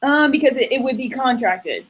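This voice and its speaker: A woman's voice: high voice, animated, normal speed, husky, low-quality recording. A woman student in a Greek tutoring session, eager and checking her answers.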